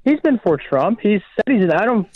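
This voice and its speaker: A man's voice: high-pitched, very animated, normal speed, muffled recording. A man calling in to a radio show, talking hesitantly with stumbling restarts. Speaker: caller. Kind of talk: call-in radio caller.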